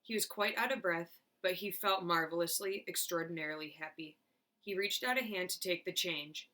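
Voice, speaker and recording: A woman teacher reading a children's chapter book aloud with clear, expressive narration. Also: fairly low pitch, moderate pace. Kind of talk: storybook read-aloud.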